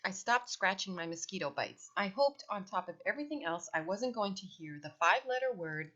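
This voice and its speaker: A woman reads a children's novel aloud in lively first-person storytelling. Her voice is bright and mid-pitched. The recording is dull and lo-fi. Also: a little fast. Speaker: audiobook reader.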